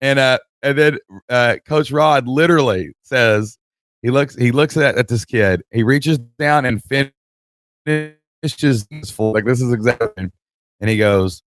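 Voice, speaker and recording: A man's voice: mid-range voice, unhurried. A man co-hosting a podcast, telling a story in casual chat and acting out the people in it. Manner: animated, acts out voices, laughs mid-story. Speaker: podcast co-host.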